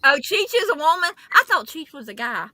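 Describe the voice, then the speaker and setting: A woman's voice: high voice, big pitch swings, a little fast, pushed and bright. A woman from southeast Georgia with a Southern accent, joking in a folksy way during a casual chat.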